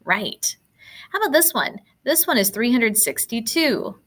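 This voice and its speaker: A woman's voice: on the high side, expressive, a little slow, a bit bright. A woman teacher going patiently through worksheet answers step by step, encouraging her pupils as she explains. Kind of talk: recorded classroom lesson.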